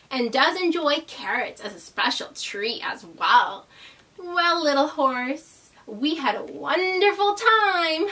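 A young woman hosting a toddlers' learning video, speaking with gentle, exaggerated cheer, gasping and imitating animal sounds. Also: high-pitched, distant mic. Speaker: children's educational video host. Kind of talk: teaching toddlers, slow and sing-song.

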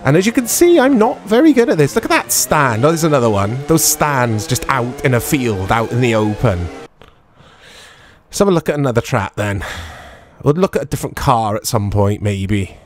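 Casual guy, middle-pitched, self-mocking game commentary over music. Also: big pitch swings, normal speed. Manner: rambling, self-deprecating, full of tag questions. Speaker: retro game reviewer. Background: background music.

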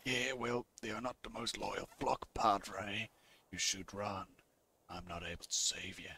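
Man voicing a cold western gunslinger, deep put-on Southern drawl, quiet and unhurried. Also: level tone, slightly rough, exaggerated voice. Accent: put-on American Southern. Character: cold, low-voiced male western gunslinger.

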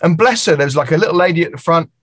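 Speaking very fast in a slightly rough, somewhat high voice, this middle-aged man from England is a music producer appearing as a podcast guest. Chatting casually and freely, he tells his stories with gusto and performs the quoted voices of the people in them.

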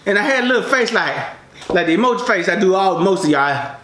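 A man tells a story to camera in a lively, sing-song way, his pitch leaping around as he laughs through it. His voice is bright and forward. The room around him is echoey. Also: fast. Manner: animated, laughs often, drawling asides. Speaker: mukbang vlogger. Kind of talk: casual storytelling to camera while eating.

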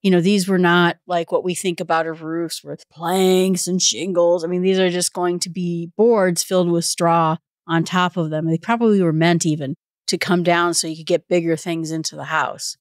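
Low-voiced woman teaching Bible study. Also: fairly even intonation, moderate pace, no echo, studio quality. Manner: conversational, explaining with casual asides. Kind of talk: informal Bible study talk.

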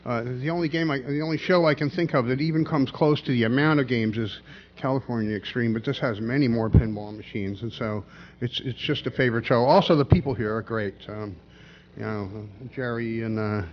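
A man's voice: mid-range voice, fairly even intonation, moderate pace, dull audio, slight background noise. A man giving a casual seminar talk as a guest speaker, rambling with many restarts. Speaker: guest speaker, pinball designer.

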